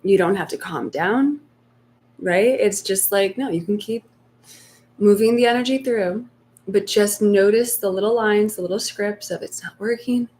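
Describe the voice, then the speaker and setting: A woman giving spiritual coaching on a live stream, speaking softly and slowly and sometimes voicing inner fears in a hushed tone. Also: mid-range voice, a little hiss or hum. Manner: soft, slow and reflective, acting out inner voices in hushed tones. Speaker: meditation coach.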